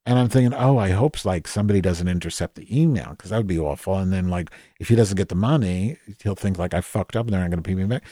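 A man's voice: sits low, fast talker, hardly any pauses, dark tone, no echo, clean studio sound. A man playing a cranky, foul-mouthed office worker named Madge in an improvised comedic monologue, rambling and mocking himself with many restarts. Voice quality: rambling, swearing, self-deprecating, many restarts. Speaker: podcast host in character.

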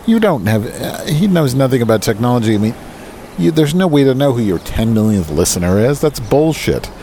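Deep mellow guy griping and swearing on a bench outside, bit of street noise. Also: sing-song, a little fast. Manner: profane, grumbling, self-pitying. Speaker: vlogger. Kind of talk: rambling outdoor vlog rant. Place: outdoors on a park bench. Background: birds and passing traffic.

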